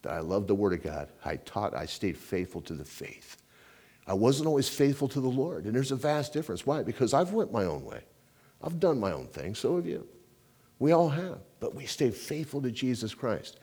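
A pastor delivers a sermon in a relaxed, conversational manner, frequently dropping in "man" and "you know" as he shifts between loud emphasis and hushed, intense stretches. His voice sits at a medium pitch with a sing-song lilt and a breathy edge, moving at a normal speed.

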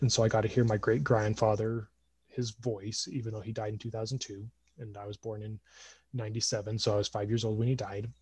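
A man in his twenties telling a family story casually on a podcast, animated and acting out voices. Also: medium pitch, vocal fry, husky, no echo. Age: 20s.

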